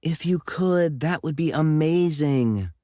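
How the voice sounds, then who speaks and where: Man putting on a bubbly young woman, high voice, sweet, peacemaking, audiobook character. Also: very animated, unhurried, warm tone, no echo, clean studio sound. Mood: delighted.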